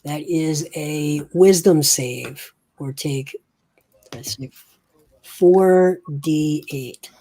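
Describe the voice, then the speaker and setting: A woman game master guides players through a tabletop game with a deep, low voice and slow, measured pace. She asks for saving throws, reads out damage, and describes the scene in an unhurried way. Her delivery stays relaxed and methodical.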